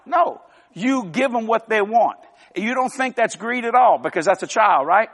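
An older man delivers a sermon from the pulpit in a folksy, emphatic way, mixing jokes into his preaching. His voice sits high for a man, and it rings out through a large church hall with a long reverb trailing behind each phrase. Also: lively intonation, normal speed, fairly bright tone. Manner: folksy, emphatic, joking with laughs. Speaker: televangelist preacher.

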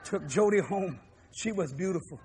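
High-voiced Cajun preacher, shouting then chuckling. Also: male voice, animated, moderate pace, slightly rough. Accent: Cajun, Louisiana. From New Orleans, Louisiana. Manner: shouts emphatic lines, then drops low and chuckles through stories. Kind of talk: sermon with humorous storytelling.

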